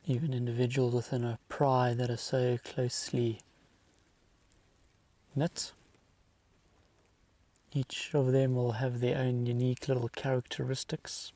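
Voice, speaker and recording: Calm safari guide man, dark dry voice. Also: mid-range voice, dry recording. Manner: calm and measured, explains patiently. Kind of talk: explanatory commentary on a live safari.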